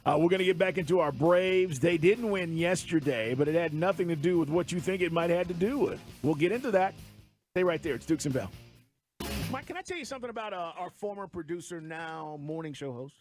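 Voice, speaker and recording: A man hosting a sports talk radio show from a studio, telling stories in an animated, emphatic way. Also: on the high side, brisk, faint music behind.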